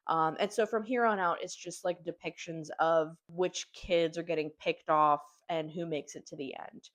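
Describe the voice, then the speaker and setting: A young woman with a somewhat low-pitched voice tells a story in a relaxed, casual way. She fills her sentences with "like" and slang, and she breaks into quick impressions of the characters as she recaps the plot. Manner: slangy, filler-heavy storytelling with lots of "like"; animated, acts out characters' lines. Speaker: book reviewer.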